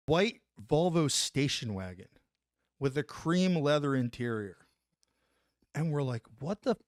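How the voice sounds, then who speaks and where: A man in his forties, an army veteran guest on a podcast, telling an animated story and tagging lines with "right?". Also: on the high side, no echo, studio quality. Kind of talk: casual storytelling anecdote.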